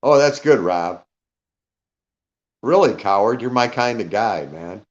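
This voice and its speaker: Low-voiced man chatting on a lo-fi live panel. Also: expressive, measured pace. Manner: rambling, greets listeners by name, checks he caused no offence. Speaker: guest speaker on a live audio panel. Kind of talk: casual live chat.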